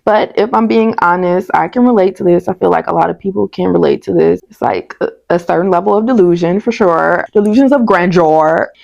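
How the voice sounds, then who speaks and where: A woman's voice: lowish voice, a little fast, creaky, darkish tone, no echo. A woman reviewing a TV episode in casual, candid commentary, chatty and prone to tangents, on a dull lo-fi recording. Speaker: TV show reviewer.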